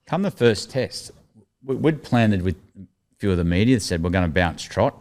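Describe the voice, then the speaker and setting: A middle-aged man with an Australian accent and a lowish voice, chatting casually as a guest. He spins animated anecdotes, often chuckling mid-sentence and putting on the voices of the people he quotes. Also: moderate pace. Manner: lively anecdotes, laughs through his stories, acts out quoted lines. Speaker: guest, former cricketer. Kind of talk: casual storytelling chat.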